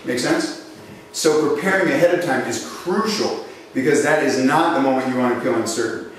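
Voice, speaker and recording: A man's voice: mid-range voice, moderate pace, a little hiss or hum. A man teaching a live sales seminar, telling stories, acting out voices and questioning his audience. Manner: animated storytelling, acts out voices, asks the audience questions. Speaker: sales trainer. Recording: echoey hall, mic from a distance.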